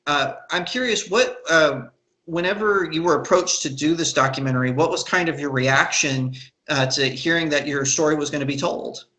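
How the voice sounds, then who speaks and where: Young guy host, bright sharp voice, lots of uhs. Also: on the high side, moderate pace, rough recording. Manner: curious and hesitant, many fillers. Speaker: interview host. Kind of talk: casual interview.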